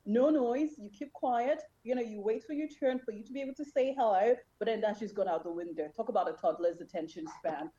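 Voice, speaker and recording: Lively, chatty woman host. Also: fairly high pitch, dull audio. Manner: chatty, playful, self-deprecating. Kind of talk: casual interview chat.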